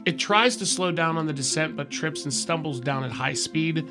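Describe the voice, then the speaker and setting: A man's voice: on the high side, moderate pace, music in the background. A man co-hosting a podcast, reading a horror file aloud in a casual, chatty way. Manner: casual, swears, laughs between read passages. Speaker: podcast co-host.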